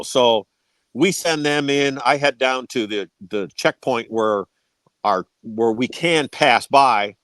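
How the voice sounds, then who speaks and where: A man's voice: medium pitch, slow pace, fairly bright tone, no room sound. Man swapping war stories. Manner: swears freely, tags sentences with "right?", restarts words. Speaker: podcast guest. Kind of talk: casual storytelling.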